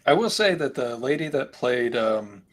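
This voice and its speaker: A man's voice: mid-range voice, lively intonation, moderate pace. A middle-aged man chatting casually on a live stream, telling long convention anecdotes with lots of fillers. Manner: rambling anecdotes with many fillers. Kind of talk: casual chat.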